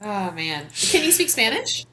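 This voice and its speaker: A woman from Texas co-hosting a podcast, chatting casually in an animated, giggly way with lots of fillers and restarts. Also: medium pitch, measured pace. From Texas, United States. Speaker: podcast co-host. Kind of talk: casual chat.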